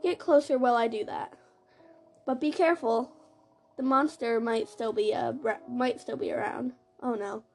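A woman giving live commentary on her own game play, excitable and gasping as she reacts. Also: on the high side, normal speed, gravelly, soft background music. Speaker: gamer narrating her play.

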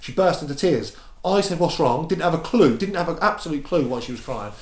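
A man in his thirties, a podcast guest telling a personal story openly, going quiet when moved and lively when joking. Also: on the high side, fairly quick. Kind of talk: candid storytelling chat. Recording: echoey room.

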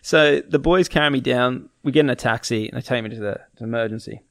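A man's voice: mid-range voice, fast, creaky, no echo, studio quality. A young man casually telling a story, acting out his friends' lines and laughing often.

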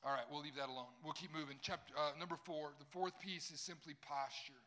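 A man's voice: fairly high pitch, steady tone, a little fast, pushed and bright. A young adult man preaching a sermon, teaching from scripture and joking directly with a young crowd. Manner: jokey, talks straight to a young crowd. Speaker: pastor.

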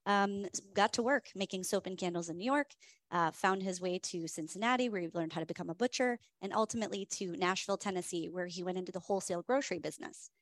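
A woman's voice: on the low side, quick pace, dry recording. A woman hosting a whiskey tasting, telling the story in a chatty, enthusiastic way with many fillers. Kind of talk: casual storytelling presentation.

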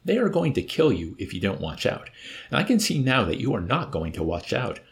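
A man's voice: mid-range voice, sing-song, fairly quick. A man voicing a suave, mocking villainous old man in an audiobook. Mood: wry. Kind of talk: audiobook character voice.

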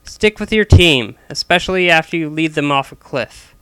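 A stubborn, gruff father in his sixties scolds bluntly and swears freely, as a male narrator puts him on. The voice is bright and clean, recorded dry and close for a storybook reading. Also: fairly high pitch, animated, normal speed, no echo.

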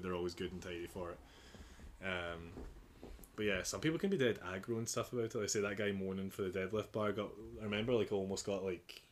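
A young man from England, a personal trainer, telling gym stories in casual podcast chat, acting out the dialogue and laughing often. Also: deep voice. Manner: animated storyteller, acts out dialogue, laughs often.

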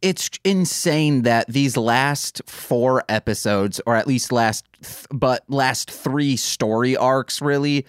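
A man's voice: mid-range voice, slow, few pauses, clear, resonant tone, dry recording, clean studio sound. A man co-hosting a podcast, chatting casually and teasing his co-host. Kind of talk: casual chat.

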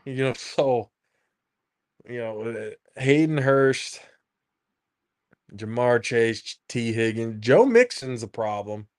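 A podcast co-host chats casually about football, emphatic and profane, laughing often. His mid-range voice has lively intonation, and he speaks slowly with frequent pauses.

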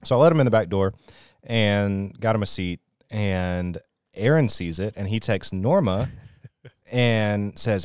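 A man's voice: lowish voice, unhurried, darkish tone, clean tone, no echo, clean studio sound. A man co-hosting a podcast, telling a funny anecdote in casual chat and laughing often. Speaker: podcast co-host. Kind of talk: casual storytelling.

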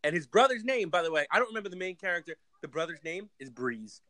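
A man's voice: sits high, fast talker, no echo, low-quality recording. A man casually retelling a film's plot on a remote podcast call, swearing freely as he tells it. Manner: animated storyteller, swears freely. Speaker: podcast co-host. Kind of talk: casual movie recap chat.

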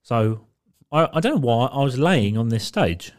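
A man's voice: mid-range voice, expressive, normal speed. A man co-hosting a podcast, telling a rambling, sweary story and laughing through it. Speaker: podcast co-host. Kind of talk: casual storytelling chat.

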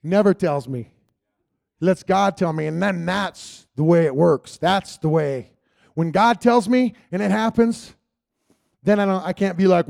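A man's voice: high-pitched, unhurried, gravelly, darkish tone. A man giving an earnest, rambling church testimony that drifts into spoken prayer, repeating "Lord God.".

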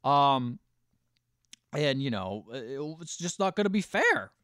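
A man chats through a movie recap on a podcast, mid-pitched, and tosses quick impressions of the characters into his retelling. The sound is dry and close, with no room around it. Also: big pitch swings, fairly bright tone, clear, resonant tone, no echo. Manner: retells scenes, acting out quotes in quick voices. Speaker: podcast co-host. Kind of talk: casual movie recap chat.

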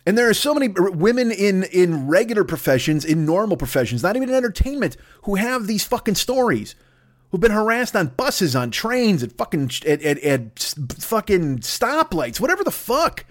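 A man's voice: sits high, very animated, moderate pace. A man hosting a podcast, delivering a profane, comedic rant monologue. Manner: profane, ranting, swears constantly. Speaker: podcast host.

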